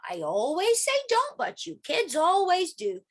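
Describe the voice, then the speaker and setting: A woman voicing an older storybook man who gently scolds a child in a knowing way. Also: extremely high pitch, wildly swooping pitch, measured pace, pitched above the performer's own voice, exaggerated voice. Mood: scolding.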